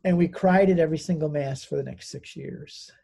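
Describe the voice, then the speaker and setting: A man's voice: fairly high pitch, a little fast, creaky, dark tone, slightly rough. An older American man, a guest on an interview, earnestly telling his conversion story and getting choked up at times. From United States. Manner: earnest storyteller, gets choked up, voices quoted people.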